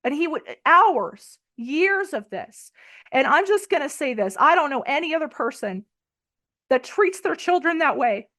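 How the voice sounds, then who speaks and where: A young adult woman with a high voice tells her story in an interview. She sounds tearful and urgent, pressing each point with emphasis. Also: sing-song, a little slow, sharp tone. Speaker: interview guest. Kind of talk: emotional personal testimony.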